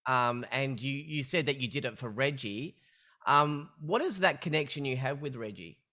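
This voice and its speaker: A man's voice: mid-range voice, expressive, normal speed, sharp tone. A man hosting an interview who stumbles and repeats words as he asks his questions. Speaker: interview host.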